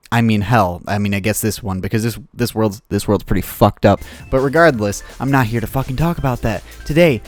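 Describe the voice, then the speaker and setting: A man's voice: mid-range voice, a little mellow. Young guy vlogging from his basement, swears nonstop, rambles and cuts himself off, faint music under it. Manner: swears constantly, rambling and self-interrupting. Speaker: YouTuber. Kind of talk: profane storytelling vlog.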